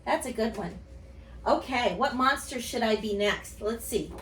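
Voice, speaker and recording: A woman speech teacher reading and talking gently to young children in an online lesson. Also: a little high, a little hiss or hum. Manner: gentle, slow, sing-song storytelling to kids. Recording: echoey room, voice a bit far from mic.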